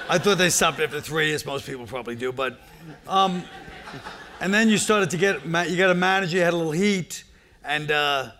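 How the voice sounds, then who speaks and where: A man leads an onstage talk, ribbing his guest with blunt jokes. His voice runs bright and forceful, pitched a touch higher than most men's. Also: brisk, slight background noise. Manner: teasing, blunt. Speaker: comedian interviewer. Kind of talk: onstage conversation. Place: live audience event hall.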